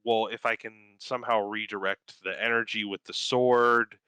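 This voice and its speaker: A man's voice: lowish voice, steady tone, moderate pace, pushed and bright, clean tone, no echo. A man quoting a young male hero in an offhand, questioning way, in his own everyday voice.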